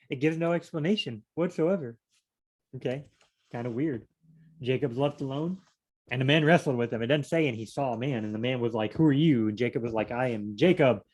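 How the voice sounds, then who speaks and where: A man leading a casual solo Bible study, reading verses aloud and then musing on them out loud with questions. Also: mid-range voice.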